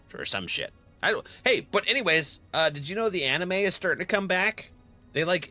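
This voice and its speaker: A young man casually chatting on a live game stream into a close microphone, excitable and jokey, laughing often and reading chat aloud. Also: on the low side. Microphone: close desk microphone.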